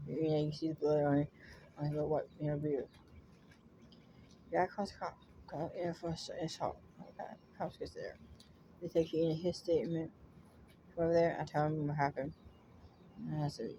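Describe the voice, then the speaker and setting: A dog owner telling a personal story in a casual, rambling way, full of restarts and constant "you know" fillers. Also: medium pitch. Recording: clear background noise and ambience.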